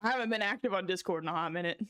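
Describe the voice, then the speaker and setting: A woman's voice: on the low side, rapid-fire, fairly bright tone. A woman livestreaming from a small room at home, chatting casually with viewers, giggling breathlessly and swearing freely between lines.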